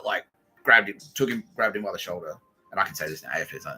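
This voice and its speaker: A man's voice: sits low, quick pace, pushed and bright, slightly rough, soft background music, poor audio. An Australian man hosting a podcast, telling a rambling story in a profane, agitated way. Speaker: podcast host. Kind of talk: casual rambling monologue.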